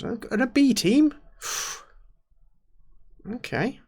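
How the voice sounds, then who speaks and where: A young man thinking aloud as he plays a management game, muttering to himself and often trailing off quietly. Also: sits high, big pitch swings, moderate pace, gravelly, pauses often. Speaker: gaming YouTuber. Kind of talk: casual let's-play commentary.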